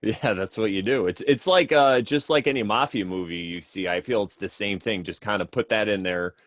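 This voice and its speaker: A young man co-hosting a podcast, explaining his ideas in a brisk, conspiratorial, storytelling way. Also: fairly low pitch, no room sound, studio quality. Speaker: podcast co-host. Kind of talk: casual podcast chat.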